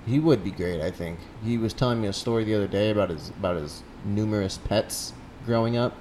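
Lowish-voiced man in crude podcast banter. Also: a little fast, a little mellow, a little hiss or hum. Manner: crude joking, does silly quoted voices. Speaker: podcast co-host. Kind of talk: casual chat.

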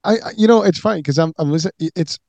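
A man interviewing a guest, speaking in a halting way with many restarts. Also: a little high, vocal fry, darkish tone, no room sound. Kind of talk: interview conversation.

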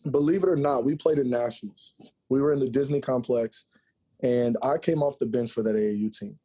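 A man in his forties tells stories from his playing days as a podcast guest, lively and joking. His voice is husky and mellow, never sharp. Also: medium pitch, brisk. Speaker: podcast guest, former college basketball player. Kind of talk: storytelling interview chat.

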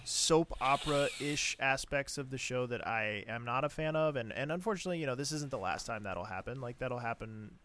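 A man's voice: mid-range voice, expressive, brisk, few pauses, fairly bright tone. A man co-hosting a podcast, chatting casually with lots of fillers and restarts. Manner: rambling, many fillers and restarts. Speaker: podcast co-host. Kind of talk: casual chat.

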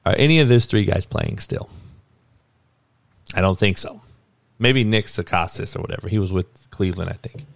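A man's voice: sits low, moderate pace, vocal fry, pauses often, dry recording. A man giving a heated, profane and mocking sports rant as a podcast commentator.

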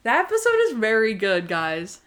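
A woman talks through TV episodes on her podcast in a loose, chatty way. She peppers everything with "like" and jumps between quick asides. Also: a little high, wildly swooping pitch, fairly bright tone. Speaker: podcast co-host. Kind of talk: casual chat recapping TV episodes.

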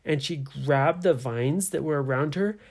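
A storyteller telling an improvised bedtime adventure, slowly and with gentle suspense. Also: mid-range voice, slightly rough. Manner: slow, animated, gently suspenseful.

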